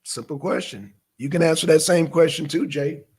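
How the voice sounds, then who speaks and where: A man's voice: fairly high pitch, moderate pace, slightly rough. A man hosting a live stream, chatting casually with viewers, reading out chat names and firing off questions. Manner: animated, bursts into shouted questions, mutters to himself.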